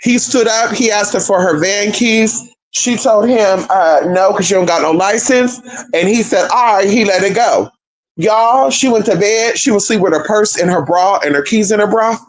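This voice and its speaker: A young man with a high voice, a spiritual content creator, tells viewers a family story in a casual, sassy, profane way, calling them girl and honey. The audio is poor.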